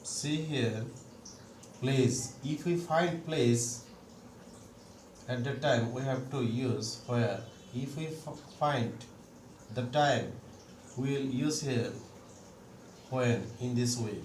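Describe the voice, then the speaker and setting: A man's voice: mid-range voice, takes it slowly, long pauses, darkish tone. A man teaching a grammar lesson, explaining step by step and repeating each example sentence. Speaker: English teacher. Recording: roomy, distant mic with faint background noise.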